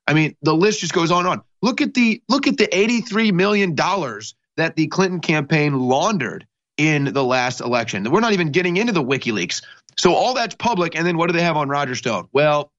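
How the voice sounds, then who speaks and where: A man's voice: medium pitch, fairly bright tone. Rambling man on dull lo-fi audio. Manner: rambling, with many fillers and restarts. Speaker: co-host. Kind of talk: talk radio commentary.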